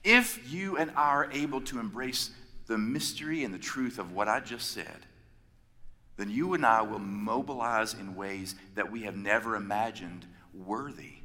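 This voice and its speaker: A man preaching a sermon, emphatic, building his points with repeated phrases and pauses. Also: fairly low pitch, pushed and bright. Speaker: pastor. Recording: long reverb of a large hall.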